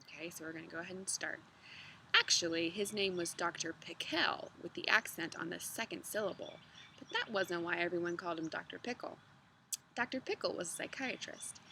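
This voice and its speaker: Relaxed lady reading a kids' book outside, low-ish voice, a bit of noise behind. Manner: relaxed, chatty with fillers between reading. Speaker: storybook reader. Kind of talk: reading a children's book aloud. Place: outdoors in a yard with dogs.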